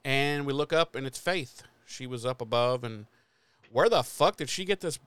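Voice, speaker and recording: A man talks through a TV episode recap in a loose, rambling way, dropping swear words constantly and breaking into laughs. His voice is smooth and clear, recorded dry and close with no room sound. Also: mid-range voice, expressive, normal speed, a bit bright, no echo. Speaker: podcast host recapping episodes. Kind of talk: casual profane recap chat.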